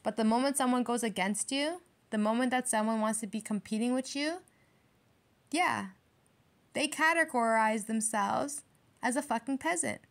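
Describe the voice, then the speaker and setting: A woman's voice: fairly high pitch, moderate pace. Brash, swearing woman reading tarot. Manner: brash, profane, emphatic, lots of swearing. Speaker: tarot reader.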